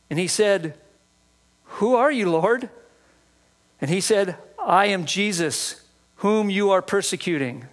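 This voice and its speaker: High-voiced man preaching a sermon. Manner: earnest teaching, reads scripture aloud. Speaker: pastor.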